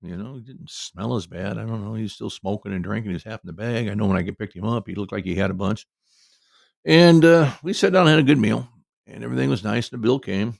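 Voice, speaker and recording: Fast-talking gravelly middle-aged man telling a story. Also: on the low side, animated, no room sound, clean studio sound. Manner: rambling, folksy, lots of asides. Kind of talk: casual personal anecdote.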